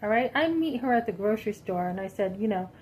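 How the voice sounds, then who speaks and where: A woman vlogger telling a personal story to her viewers in an animated, indignant, chatty way. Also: medium pitch, fast talker, a little hiss or hum, low-quality recording. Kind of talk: casual storytelling to camera.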